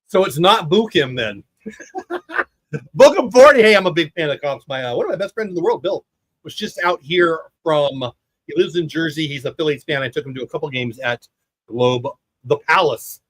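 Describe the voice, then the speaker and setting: An American man in his fifties hosts a livestream watch party of a baseball game, rambling casually between the action and viewer comments, which he reads aloud. His fairly high, bright voice is animated and moves at normal speed, though the recording is low quality without echo.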